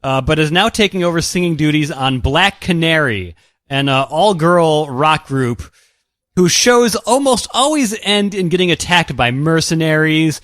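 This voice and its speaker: A man's voice: fairly high pitch, animated, normal speed, a bit bright, dry recording. A man co-hosting a podcast, introducing comics with dry, wry asides. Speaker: podcast co-host. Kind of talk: casual podcast chat.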